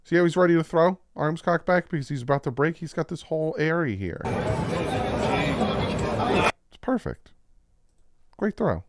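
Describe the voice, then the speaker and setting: A man with a New Jersey accent casually breaking down football practice clips as a channel host, explaining plays with excitement. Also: a little high, measured pace, long pauses, over a noisy crowd, very noisy. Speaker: sports commentator.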